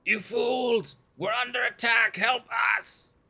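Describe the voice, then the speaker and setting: A man shouting as a frantic hobgoblin guard. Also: very high voice, fairly even intonation, takes it slowly, voice pushed up, exaggerated voice. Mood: frantic alarm.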